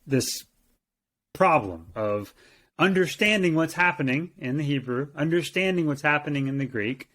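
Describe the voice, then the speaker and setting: A man's voice: a little high, lively intonation, moderate pace, fairly bright tone. A man co-hosting a Bible language lesson, speaking thoughtfully and repeating words as he searches for phrasing. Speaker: co-host and teacher. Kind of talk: conversational teaching.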